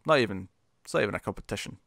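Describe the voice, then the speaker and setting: Animated man co-hosting a TV podcast. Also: lowish voice, rapid-fire, creaky, no echo, studio quality. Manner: animated, repeats words, many fillers and restarts. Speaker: podcast co-host. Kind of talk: casual chat reviewing TV episodes.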